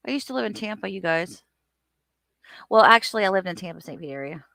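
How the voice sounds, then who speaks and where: A woman's voice: mid-range voice, expressive, quick pace, creaky, sharp tone, dry recording, clean studio sound. A woman hosting a casual livestream, chatting and greeting viewers by name as she reads their comments. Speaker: livestream host.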